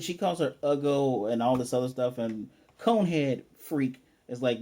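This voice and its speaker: A man casually recapping an anime episode, animated and playfully acting out the characters' lines. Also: mid-range voice. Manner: animated, acts out characters' lines in quick voices. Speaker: anime reviewer.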